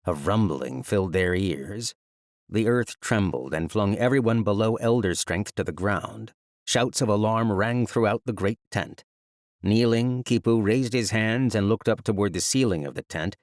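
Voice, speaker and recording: Low-voiced man narrating a fantasy audiobook. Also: no room sound, clean studio sound. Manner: measured, even storytelling.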